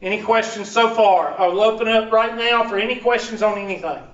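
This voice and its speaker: A man's voice: high voice, fairly even intonation, fairly quick, fairly bright tone. A man teaching a math class, joking with students and asking them to finish his sentences. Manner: joking, asks the class to fill in words. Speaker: math instructor. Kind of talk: classroom lecture. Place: large classroom. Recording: echoey, dull, distant classroom recording.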